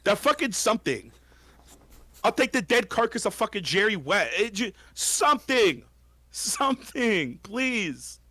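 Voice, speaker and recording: A man's voice: high voice, very animated, a little slow, pushed and bright, no echo. A man co-hosting a sports podcast, ranting angrily with heavy swearing and repeating himself. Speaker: podcast co-host. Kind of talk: profane sports rant.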